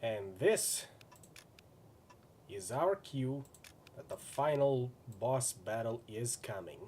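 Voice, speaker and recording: A man's voice: mid-range voice, animated, takes it slowly, a little mellow, slight background noise. Casual man playing a video game. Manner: casual, musing aloud. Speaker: let's play gamer. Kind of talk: gameplay commentary and reading.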